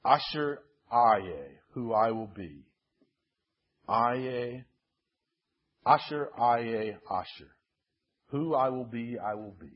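A man voicing God as a solemn divine voice that speaks in a low, hushed, repetitive chant. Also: animated, slow, pauses often, slightly rough, lo-fi sound.

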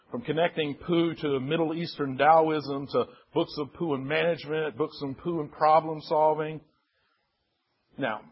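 An older male pastor giving a sermon in a measured, self-deprecating storytelling manner. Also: fairly high pitch, slightly rough. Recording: dull lo-fi sermon recording.

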